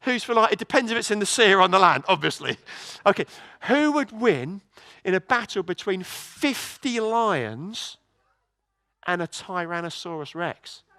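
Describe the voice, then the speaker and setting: High-voiced man preaching a lively sermon. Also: normal speed, creaky, dry recording. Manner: lively, storytelling, many restarts and repeated words. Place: church.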